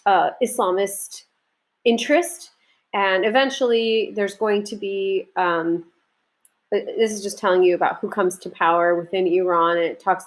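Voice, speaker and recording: A woman's voice: medium pitch, low-quality recording. Casting: woman from Iraq, history teacher, chatty lecture delivery with asides, mid-range voice. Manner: conversational, with frequent restarts and asides.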